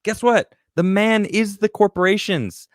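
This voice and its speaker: A man hosting a casual political talk show, reading viewer comments and joking in an animated, emphatic way. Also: high voice, a little slow, no echo, clean studio sound. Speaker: podcast host reading super chats.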